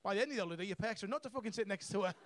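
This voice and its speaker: A man's voice: high voice, racing, a bit bright, no room sound. A young man doing a stand-up set on a comedy club stage, brash and sweary, laughing at his own jokes.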